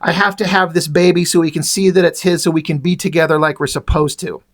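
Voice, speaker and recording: A man's voice: a little high, fairly even intonation, fast talker, close to an everyday voice. A man reading as an anxious pregnant young woman. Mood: pleading.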